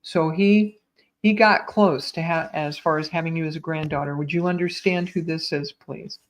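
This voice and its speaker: A woman giving live psychic readings to online viewers in a gentle, reassuring way, calling them sweetheart and my dear. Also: deep voice, steady tone, normal speed. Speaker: psychic medium.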